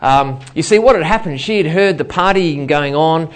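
A man's voice: fairly high pitch, normal speed. A middle-aged man preaching a sermon in a church, telling a personal story with many fillers and restarts. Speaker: pastor.

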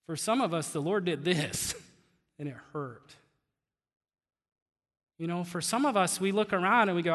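A pastor preaching a sermon in a conversational, animated way, laughing now and then as he teaches. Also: high-pitched, measured pace, long pauses, in a large hall.

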